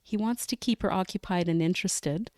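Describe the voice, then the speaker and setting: Smooth-voiced woman reading a novel. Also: fairly low pitch, darkish tone, no echo, clean studio sound. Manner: careful, measured reading with light laughs. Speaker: podcast guest.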